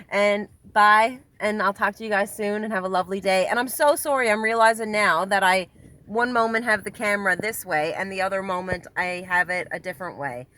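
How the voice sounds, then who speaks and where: A woman's voice: medium pitch, pushed and bright. A woman chatting casually into her handheld phone by the ocean, laughing often and apologizing. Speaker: vlogger. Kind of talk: casual vlog chat. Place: by the ocean coast, near a car. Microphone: phone held in hand.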